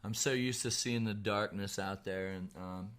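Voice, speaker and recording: A man's voice: on the low side, steady tone, normal speed, a crowd in the background. Rambling, laid-back man cracking up. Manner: loose, rambling, laughs a lot, swears freely. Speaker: podcast co-host. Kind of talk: casual chat.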